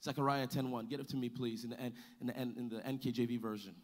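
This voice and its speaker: A male pastor preaching a sermon, building to shouted, sing-song calls and call-and-response with the congregation. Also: medium pitch, fairly even intonation, fast.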